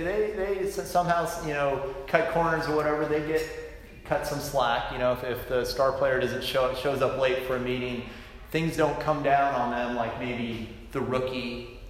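A man's voice: mid-range voice, a little hiss or hum. A man preaching a sermon in a conversational, self-deprecating way, often restarting his sentences. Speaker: pastor. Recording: echoey hall reverb.

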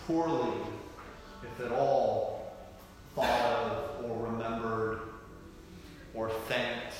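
A man preaching a sermon with emphatic delivery that swings from loud to hushed. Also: mid-range voice. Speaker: pastor. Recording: echoey hall, faint room noise.

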